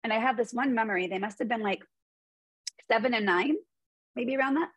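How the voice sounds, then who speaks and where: A woman's voice: fairly high pitch, a little fast, fairly bright tone, breathy edge, no echo, poor audio. A woman in her forties, a guest in an interview, telling earnest stories about parenting and mindfulness. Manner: earnest storytelling. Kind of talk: conversational interview.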